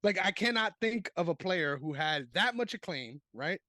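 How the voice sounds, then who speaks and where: A man co-hosting a casual sports podcast, animated and laughing, swearing freely. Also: sits high, moderate pace, no echo, clean studio sound. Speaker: podcast co-host.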